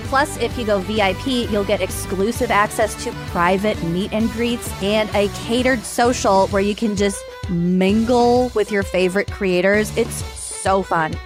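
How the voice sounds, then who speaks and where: A woman's voice: medium pitch, measured pace, hardly any pauses, music in the background. A woman co-hosting a podcast, reading sponsor spots and chatting casually. She sounds enthusiastic and blunt. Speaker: podcast co-host. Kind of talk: casual chat and sponsor reads.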